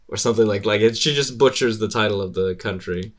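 A man's voice: lowish voice, moderate pace, a bit bright. A man hosting a casual podcast, rambling, swearing often and laughing between thoughts. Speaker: podcast host.

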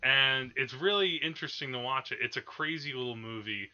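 A man's voice: mid-range voice, a little fast, bright, forceful tone, dull audio. A man hosting a podcast, chatting casually about old films with lots of fillers and restarts. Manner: rambling, many fillers and restarts. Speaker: podcast host. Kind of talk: casual film discussion.

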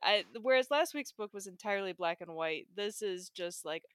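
A woman's voice: mid-range voice, animated, moderate pace, a bit bright, clear, resonant tone, no room sound. Enthusiastic female co-host, playful, dry close sound. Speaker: podcast co-host. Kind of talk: casual chat about picture books.

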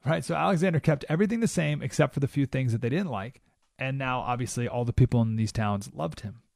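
A man hosting a talk radio show, delivering an animated monologue and acting out quoted voices with sudden jumps in pitch. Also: fast, gravelly, no echo, studio quality.

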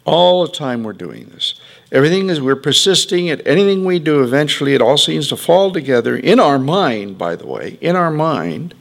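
Man, spiritual teacher, lively pitch, gravelly edge, playful talk with acted-out quotes. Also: normal speed. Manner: animated, playful, acts out quotes with sudden pitch jumps.

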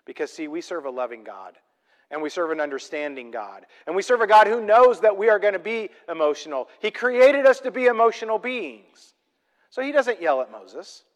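A man preaching a sermon, emphatic and full of rhetorical questions, swinging between loud and soft. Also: high-pitched, animated, normal speed, long reverb tail. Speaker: pastor.

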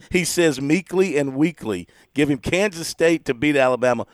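A man's voice: a little high, lively intonation, a little slow, dry recording, clean studio sound. A man hosting a radio sports talk segment, jovially running through game picks and often laughing at his guests. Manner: jovial, laughs often while reading spreads. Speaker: radio sports show host. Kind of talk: casual radio chat.

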